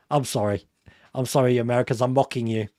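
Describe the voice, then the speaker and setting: A middle-aged British man with a mid-range, slightly mellow voice hosts a live stream, chatting casually through viewer comments. He rambles, laughs often and pokes fun at himself. The recording is dry and studio quality.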